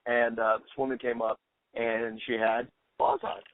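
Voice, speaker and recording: Excitable man on a tinny line. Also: mid-range voice, slight background noise. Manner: excited, quick to quote lines. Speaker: podcast co-host. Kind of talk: casual chat. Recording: tinny phone-like sound, dry.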